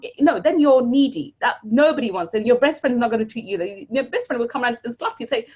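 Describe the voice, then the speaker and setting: A woman with a husky, slightly raised voice, chatting quickly as a guest coach. She keeps repeating words and leaps up in pitch to stress a point. The recording sounds dull and lo-fi. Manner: animated, repeats words, jumps to higher pitch for emphasis. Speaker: guest, money mindset coach. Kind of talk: casual interview chat.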